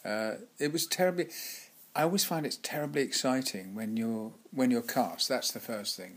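A man's voice: medium pitch, normal speed. An older man and former actor, telling chatty, laughing anecdotes in an interview with frequent restarts. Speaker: guest actor.

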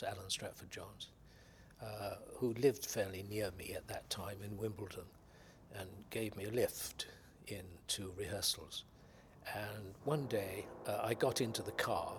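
An older man from England's West Country, an actor guest reminiscing in unhurried anecdotes about his career. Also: lowish voice, pushed and bright, a little hiss or hum. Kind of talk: reminiscing interview.

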